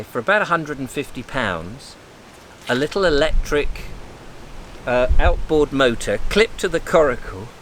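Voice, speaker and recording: A man's voice: fairly high pitch, fairly bright tone. Chatty man outdoors in wind. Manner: chatty, rambling, friendly asides. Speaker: vlogger. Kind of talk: casual vlog to camera. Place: outdoors by his van on a windy day. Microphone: wind buffeting the microphone. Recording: outdoor wind noise on mic.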